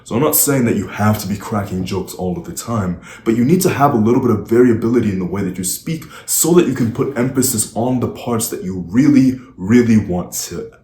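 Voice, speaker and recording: Deep-voiced emphatic male speaking coach. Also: expressive, fairly quick, few pauses, dark tone, roomy sound. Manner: emphatic, varies speed and volume for weight. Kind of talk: direct-to-camera coaching talk.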